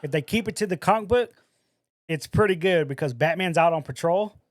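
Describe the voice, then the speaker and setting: Man retelling a story, slightly high voice. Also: a little fast, no room sound, clean studio sound. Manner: animated storyteller, acts out quotes; casual, says "bro". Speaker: podcast co-host. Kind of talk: casual podcast chat.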